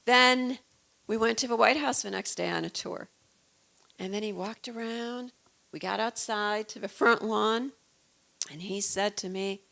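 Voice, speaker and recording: This guest author, a woman in her fifties from the Chicago suburbs in the United States, has a mid-range voice that is creaky, bright and forceful, with a measured pace. She tells stories casually, sounding chatty, earnest and like a proud mother.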